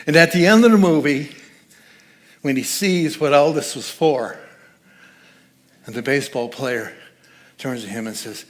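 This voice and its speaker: A man's voice: mid-range voice, moderate pace. A man speaking as guest speaker at a church service, giving a conversational, joking sermon and laughing at his own asides.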